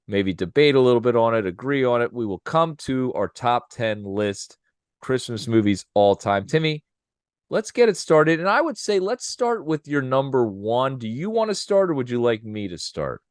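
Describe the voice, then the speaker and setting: Upbeat male podcast co-host, mid pitch, dry booth sound. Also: animated, normal speed, clear, resonant tone, dry recording. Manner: upbeat, laughs often, does playful impressions. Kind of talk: casual chat.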